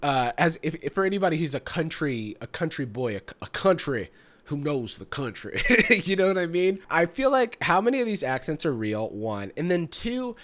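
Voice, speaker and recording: A man's voice: fairly high pitch, sing-song, moderate pace, fairly bright tone. A man hosting a comedic reaction commentary, sarcastic and mocking, laughing often. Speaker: YouTube host reacting to videos.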